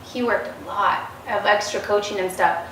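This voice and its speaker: A woman's voice: mid-range voice, steady tone, moderate pace, a bit bright. A woman guest in a casual interview, telling stories animatedly and acting out the quoted dialogue. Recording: roomy, distant mic, faint noise.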